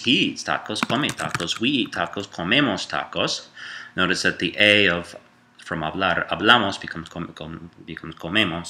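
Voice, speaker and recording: A man's voice: low-pitched, noisy background. A man giving a casual grammar lesson, talking loosely with fillers and self-corrections. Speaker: Spanish teacher.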